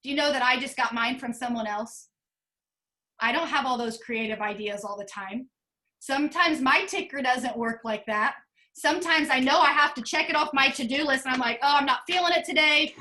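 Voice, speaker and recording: High, bright-voiced emotional team leader. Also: female voice. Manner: emotional, earnest, talks in quick bursts. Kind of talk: motivational team call. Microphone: video call.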